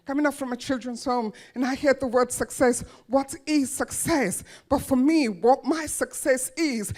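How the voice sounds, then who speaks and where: A woman giving a motivational speech to an audience, telling her life story with emphatic, dramatic pauses and repeated phrases. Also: on the high side. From grew up in a children's home. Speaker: motivational speaker.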